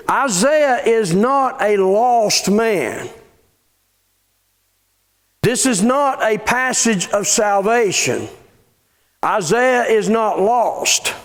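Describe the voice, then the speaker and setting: Male pastor, slow and halting sermon delivery, high register, reads scripture between comments. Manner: halting, repeats words, reads scripture aloud. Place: church.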